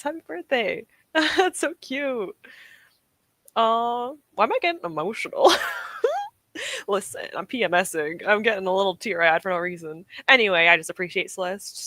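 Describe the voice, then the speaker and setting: A woman's voice: mid-range voice, a bit bright, no echo. A young woman streaming from home, chatting casually and encouragingly with her live chat, often laughing. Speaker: streamer hosting reading sprints.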